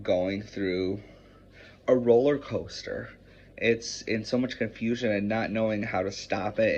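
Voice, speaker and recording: A man talking in a personal confessional vlog, emotional and rambling, often swearing. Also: on the low side. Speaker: vlogger. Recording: muffled with faint hiss.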